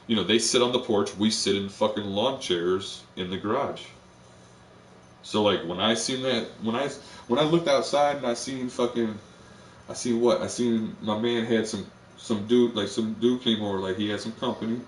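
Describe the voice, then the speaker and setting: A man's voice: fairly low pitch, normal speed, a little hiss or hum. A man live streaming, chatting casually in a rambling, profane way full of slang. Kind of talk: casual chat. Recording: roomy, distant mic with faint ambience.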